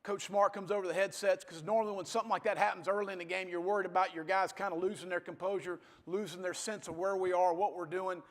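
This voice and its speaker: A football coach in his fifties, a man with a rather high voice, tells stories to an audience in a blunt, folksy way. His motivational speech rings out in a reverberant hall. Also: fairly even intonation, quick pace, hardly any pauses.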